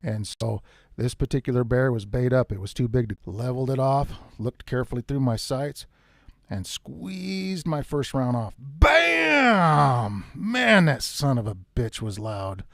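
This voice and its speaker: A man telling a tense first-person hunting story in a casual, animated way, with some mild swearing. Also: medium pitch, moderate pace, dry recording, studio quality. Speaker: outdoors storyteller.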